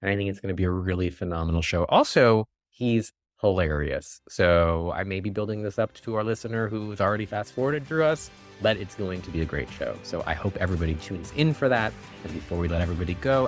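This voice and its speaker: Pria Amerika bersuara rendah, pembawa podcast jenaka. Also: male voice, deep voice, fairly quick, few pauses, soft background music. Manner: playful, jokey, animated storytelling. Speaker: podcast host. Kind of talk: casual chat.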